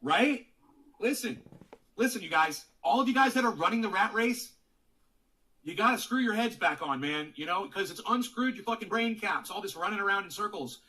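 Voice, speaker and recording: A man's voice: sits high, animated, moderate pace, bright, forceful tone. A man streaming, delivering a profane, preachy rant to his viewers, repeating himself and swearing a lot. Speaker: streamer in an earlier clip. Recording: voice distant from the mic.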